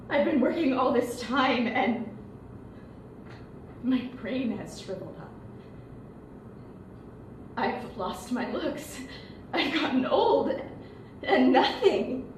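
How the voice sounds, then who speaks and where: A woman's voice: sits high, a little hiss or hum, exaggerated voice. An actress playing a despairing young woman near twenty-four, tearful and breaking in stage acting, recorded from a distance in an echoey room. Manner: tearful, breaking between sobs and hushed despair.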